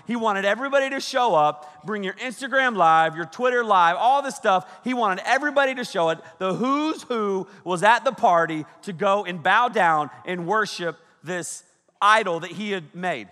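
Bright-voiced youth pastor in a reverberant hall. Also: male voice, high voice. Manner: animated storytelling, shouting quoted lines, frequent laughs. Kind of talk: youth sermon. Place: large hall with a big audience. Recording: echoey hall with long reverb.

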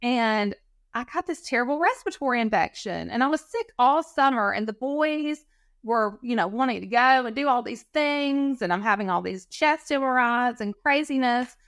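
Woman, higher voice, animated storyteller, quotes dialogue, dry close mic. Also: normal speed, dry recording. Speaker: podcast guest. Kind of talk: casual storytelling interview.

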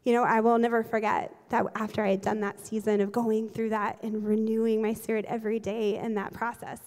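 A woman pastor in her forties delivers a sermon with a fairly high voice. She tells stories in a lively, humorous way and breaks into quick laughs. Her voice rings out with the long reverb of a large church sanctuary.

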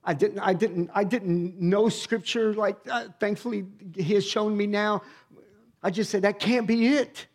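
A middle-aged man, a pastor, preaching a personal testimony in a conversational storytelling way, dropping to a hush and then rising to emphatic bursts. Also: sits high, fairly even intonation, a little slow. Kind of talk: sermon testimony.

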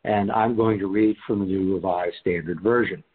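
A man hosting a scripture discussion podcast, reading scripture aloud in a measured, deliberate way and leading the talk. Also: low-pitched, steady tone, breathy edge. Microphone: video call. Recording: tinny phone-like line.

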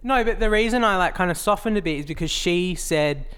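A man's voice: sits high, expressive, brisk, fairly bright tone, smooth. A man co-hosting a casual chat podcast, telling a story animatedly and acting out both sides of an argument. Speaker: podcast co-host.

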